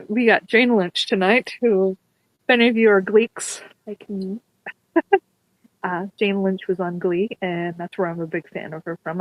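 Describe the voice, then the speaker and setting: A woman's voice: mid-range voice, no room sound, low-quality recording. Woman cohosting a tv review stream, laughs a lot, fixes her own slips, dry close mic. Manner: laughs often, chatty, self-correcting. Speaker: co-host of a TV review show. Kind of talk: casual live-stream chat.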